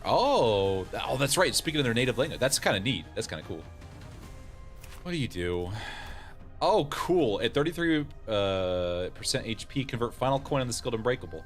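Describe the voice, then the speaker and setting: A man's voice: medium pitch, very animated, normal speed, faint music behind. A man streaming a game in casual let's-play commentary, joking, laughing often and reading game lines aloud.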